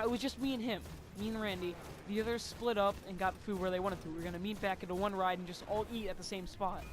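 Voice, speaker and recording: High-voiced young man telling a story. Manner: rambling, swears a lot, many "like" fillers. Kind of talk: casual storytelling.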